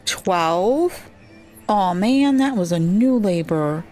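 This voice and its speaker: A woman casually commenting as she plays a settlement-building game, thinking aloud slowly with frequent pauses and ums. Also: medium pitch, animated, a little mellow. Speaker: gameplay streamer. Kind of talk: casual let's-play commentary.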